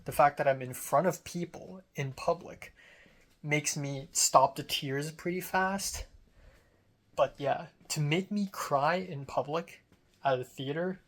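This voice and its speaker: Rambling young man vlogging his day. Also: a little high. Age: young adult. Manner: rambling, with frequent fillers and restarts. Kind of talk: casual diary vlog.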